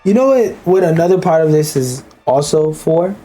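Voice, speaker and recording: A man's voice: on the high side, lively intonation, normal speed, dark tone, soft background music. A man giving a blunt, profane, ranting commentary as he reacts to a video.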